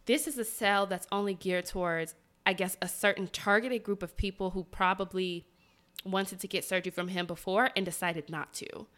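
A woman hosting a podcast, casually telling a personal story in an animated, dramatic way and speaking directly to her listeners. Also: medium pitch, moderate pace. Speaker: podcast host.

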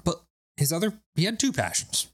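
A man's voice: sits high, very animated, brisk, husky, no room sound, clean studio sound. A man hosting a podcast, telling stories in a loose, laughing way with plenty of swearing. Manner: laughing, profane, loose storytelling. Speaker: podcast host. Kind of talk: casual chat.

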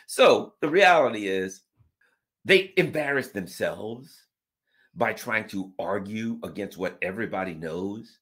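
A man holds forth in loose, opinionated commentary. His fairly low voice swoops up and down, and he mocks as he rambles through restarts. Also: measured pace. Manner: animated, mocking, rambling with restarts. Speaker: political commentator.

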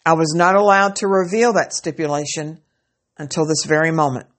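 A woman's voice: low-pitched, normal speed, natural voice. A woman voicing a male auctioneer at an estate sale who keeps calling for bids in a raised, pressing voice. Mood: solemn.

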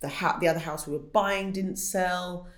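A woman's voice: fairly low pitch, steady tone, moderate pace. A middle-aged woman, an Olympic athlete, telling stories animatedly as an interview guest and acting out quoted voices. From United Kingdom. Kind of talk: conversational interview. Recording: roomy echo.

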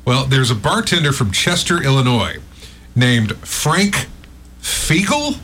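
A man's voice: medium pitch, big pitch swings, slow pace, a bit bright, slight background noise. Chatty man sharing trivia. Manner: shares trivia facts, laughs often. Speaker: co-host. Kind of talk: casual radio chat.

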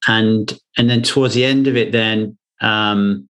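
A man hosts a casual podcast conversation in a fairly low voice. He speaks in a thoughtful, measured way, working through his ideas as he talks. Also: fairly even intonation, a bit bright, slight background noise. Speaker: podcast host.

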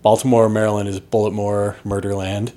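A man's voice: lowish voice, little pitch movement, brisk, mellow. A man co-hosting a podcast, bantering in a wry, playful way. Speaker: podcast co-host. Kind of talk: casual chat.

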